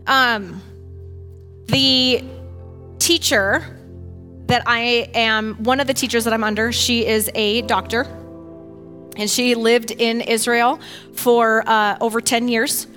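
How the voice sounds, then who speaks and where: A woman with a high, bright, ringing voice talks through a point of faith with energy and emphasis. She often drops into acting out what others say, and faint music plays underneath. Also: slow pace, long pauses. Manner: emphatic, animated, acts out others' words. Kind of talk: casual teaching talk on faith.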